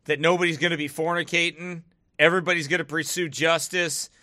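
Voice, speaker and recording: Man, slightly high and very bright tone, dry close sound; rambling, sarcastic ranter who swings into preachy bursts. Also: steady tone, a little fast, dry recording. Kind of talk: casual monologue to camera.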